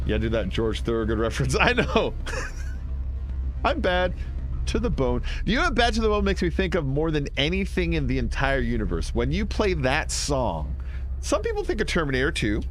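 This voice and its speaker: A man commentating his video game playthrough in a rambling, joking way, laughing often. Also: mid-range voice. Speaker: gaming streamer. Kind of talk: let's play commentary.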